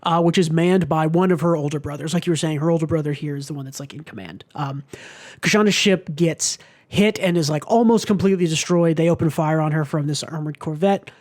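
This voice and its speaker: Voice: medium pitch, brisk, darkish tone. A podcast co-host in a casual book club discussion, talking in a rambling way with many fillers and the odd swear word.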